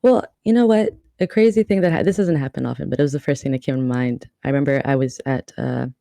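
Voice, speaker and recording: Female podcast guest from the New York area, rambling casual talk, warm dark timbre. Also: very deep voice, fast talker, gravelly, no echo, clean studio sound. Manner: chatty, rambling with many restarts and fillers. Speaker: guest cosplayer.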